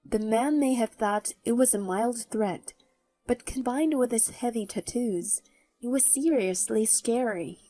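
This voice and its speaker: Woman narrator for a first-person story; mellow, mocking edge. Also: on the high side, measured pace, dry recording. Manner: mocking, even-toned. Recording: faint background music.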